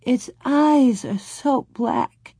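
A woman's voice: medium pitch, normal speed, dark tone, breathy edge, no room sound, lightly acted. A woman voicing a small pioneer girl who pleads and sobs through her tears. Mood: sobbing. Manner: pleading, sobbing. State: crying.

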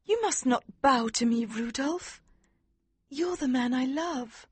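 A man voicing a tender, dutiful young princess in a storybook reading, speaking earnestly and gently with a breathy voice. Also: extremely high pitch, slow pace, no echo, pitched above the performer's own voice, exaggerated voice.

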